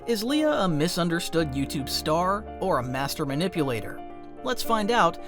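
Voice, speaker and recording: A narrator reading a scripted online documentary in a punchy, conversational storytelling manner. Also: medium pitch.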